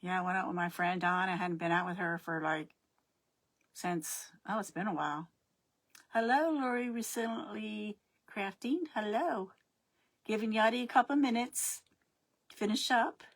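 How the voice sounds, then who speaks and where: Woman, middle-aged, casual livestream host, chatty, friendly greetings, mid-pitched voice. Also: moderate pace. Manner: chatty, greeting viewers by name. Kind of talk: casual live-stream chat.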